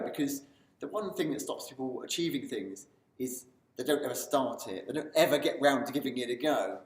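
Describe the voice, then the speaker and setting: A man's voice: medium pitch, fairly quick. A man giving an enthusiastic motivational talk to camera in a video series. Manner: enthusiastic, building excitement as he talks. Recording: roomy sound from a distance.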